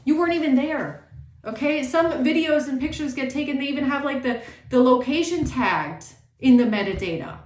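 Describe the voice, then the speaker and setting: A woman giving a casual tarot reading, animated and sassy, swearing often and acting out the people she talks about. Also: high voice, normal speed, echoey room. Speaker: tarot reader.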